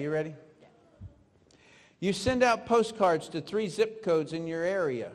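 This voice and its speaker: A male trainer with a high voice leads a live seminar, quizzing and coaching his audience through drills. His voice rings through a hall with a long reverb. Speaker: network marketing trainer. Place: large room with an audience.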